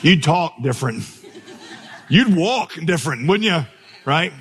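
A man preaching to a congregation from a church stage, his voice fairly high for a man. He tells stories with animated, exclamatory energy. His words ring out with a long reverb through the auditorium. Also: unhurried, a little hiss or hum. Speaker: pastor. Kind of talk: sermon.

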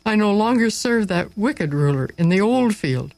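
A man doing a freed young slave, high and exclaiming. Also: expressive, moderate pace, vocal fry, a little mellow, no echo. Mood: overjoyed. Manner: raised, exclaiming delivery. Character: freed young male former slave, overjoyed then desperate.

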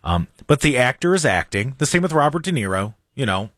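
A man's voice: medium pitch, very animated, a little fast, fairly bright tone, dry recording, clean studio sound. A man hosting a political talk show, mocking and sarcastic in his commentary.

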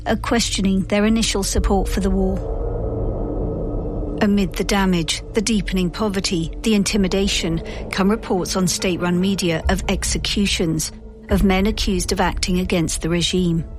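Grave woman reporter over soft music. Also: medium pitch, fairly even intonation, moderate pace. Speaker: news reporter. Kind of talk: scripted news narration.

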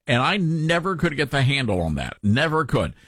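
Male talk host, soft Southern accent, slightly husky, folksy and chatty. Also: medium pitch, big pitch swings, normal speed, no room sound. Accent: Southern US, Tennessee. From Tennessee. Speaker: radio talk show host. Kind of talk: talk radio commentary.

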